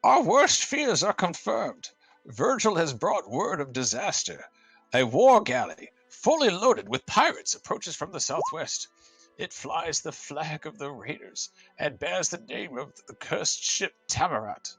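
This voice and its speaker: A man's voice: a little high, big pitch swings, a little slow, gravelly, a bit bright, husky, soft background music, exaggerated voice, low-quality recording. A man voicing an old male mage reading his own journal aloud in a solemn old-man voice. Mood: grave.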